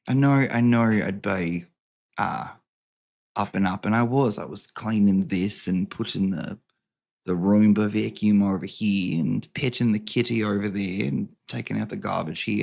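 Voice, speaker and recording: Rambling, gravelly-voiced man vlogging. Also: fairly low pitch, moderate pace, a little mellow. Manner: rambling, profane, jokey. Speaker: host. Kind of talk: casual vlog chat and reading. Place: home.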